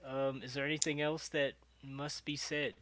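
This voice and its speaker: A young man co-hosting a podcast, chatting casually, animated and laughing often as he acts out quotes. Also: medium pitch, normal speed, no echo. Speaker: podcast co-host. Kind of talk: casual chat.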